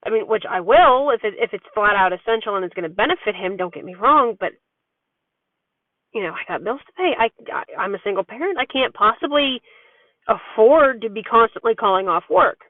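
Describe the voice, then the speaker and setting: A woman's voice: on the high side, animated, fairly quick, no echo. A woman talking frankly in a rambling, chatty personal vlog about her life as a parent. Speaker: parent vlogger. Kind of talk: candid personal vlog monologue. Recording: tinny phone-like dry sound.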